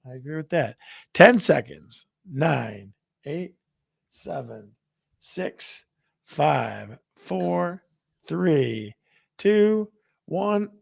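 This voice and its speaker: A man hosting a real estate livestream reads viewer comments and counts down contests, keeping the chat playful and casual. His voice is on the high side, husky and creaky, with lively intonation, extremely slow delivery, and long pauses, recorded in a studio with no room sound.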